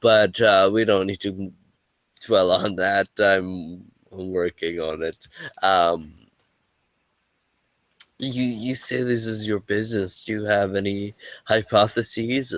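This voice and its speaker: A man's voice: fairly low pitch, steady tone, slow pace, a bit bright, dry recording. A man voicing a humble, easygoing male merchant in a tabletop game, rambling with fillers. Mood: friendly. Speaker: game master voicing a character. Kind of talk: tabletop role-play.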